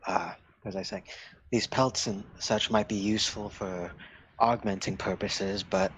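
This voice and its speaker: A man's voice: lowish voice, steady tone, unhurried, a bit bright, breathy edge. A man playing a tabletop game, reasoning aloud in a thoughtful, hesitant way. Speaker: player. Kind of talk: casual tabletop play.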